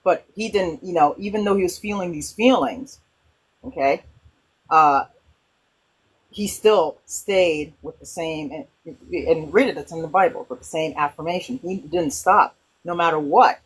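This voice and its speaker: A woman hosting a spiritual conversation who tells stories in an animated way, with frequent restarts. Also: fairly low pitch, a little slow, husky, rough recording. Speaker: host.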